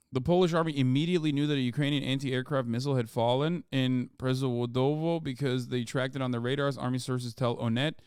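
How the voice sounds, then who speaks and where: A man's voice: mid-range voice, steady tone, fairly quick, darkish tone, clear, resonant tone, no room sound, studio quality. A man streaming live, reading news aloud and reacting with profane, exasperated rants.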